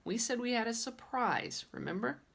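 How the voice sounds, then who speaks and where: A woman reading a children's audiobook, voicing a patient young father who explains things slowly. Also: on the high side, expressive, creaky, fairly bright tone, pitched above the performer's own voice, full character voice.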